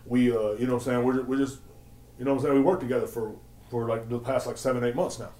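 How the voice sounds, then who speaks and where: A man's voice: mid-range voice, steady tone, quick pace, dark tone. Profane guy rambling in echoey room. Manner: profane, rambling storytelling, laughs often, acts out quotes. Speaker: podcast host. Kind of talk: casual solo rant.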